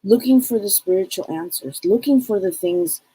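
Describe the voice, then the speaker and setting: A woman's voice: mid-range voice, moderate pace, mellow, breathy edge, rough recording. A woman hosting a live psychic stream, chatting casually and rambling, greeting viewers by name.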